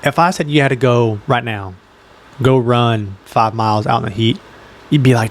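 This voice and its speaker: A man's voice: mid-range voice, normal speed. A young man co-hosting a casual podcast, rambling with lots of fillers and acting out quotes as he tells stories. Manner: rambling, filler-heavy, animated storytelling with acted-out quotes. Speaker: podcast co-host. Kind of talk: casual chat. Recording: faint background noise.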